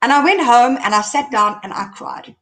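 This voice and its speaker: A middle-aged woman, hosting and candidly telling her own story, animated as she recounts events. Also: fairly high pitch, moderate pace. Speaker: host.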